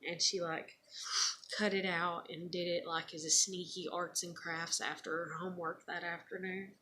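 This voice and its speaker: Mom vlogging, kinda low voice, rambly and blunt, curses a bit, says "you know" a ton. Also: female voice, flat delivery, normal speed, pushed and bright, slight background noise. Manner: rambling, frank, heavy use of "you know" and "like"; swears when frustrated. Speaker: mother sharing keepsakes on video. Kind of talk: casual personal vlog.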